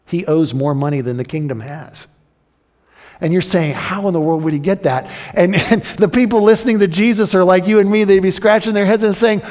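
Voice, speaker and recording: A man preaches a sermon with lively energy, breaking into raised, dramatic voices for the characters in his story. His voice sits on the higher side for a man. Long reverb from a large hall trails after each phrase. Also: brisk. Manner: animated, acts out the crowd and king in raised voices. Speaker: pastor.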